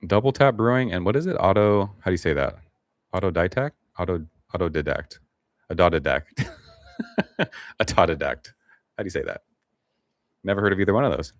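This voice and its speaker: A man's voice: lowish voice, animated, fast talker, long pauses, dry recording, studio quality. A middle-aged man hosting a casual live stream, rambling in a laid-back way and swearing now and then as he reads the chat. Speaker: livestream host.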